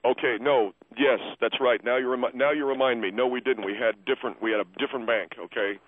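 A man's voice: mid-range voice, steady tone, fast, no room sound, pitched below the performer's own voice, lightly acted. A man playing a stammering distraught caller on a tinny phone line. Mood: flustered. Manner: defensive, stammering, pleading. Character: distraught middle-aged male caller with shifting story.

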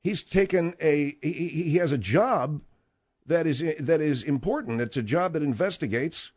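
A man's voice: on the high side, expressive, moderate pace, a little mellow, husky. A man hosting a talk radio show, delivering a combative, rambling and sarcastic monologue.

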